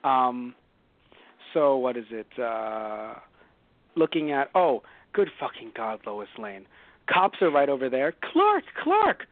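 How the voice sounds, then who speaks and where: A man co-hosting a casual podcast, talking in an animated, rambling way and swearing a lot. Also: mid-range voice, takes it slowly, no room sound, narrow, tinny audio. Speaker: podcast co-host.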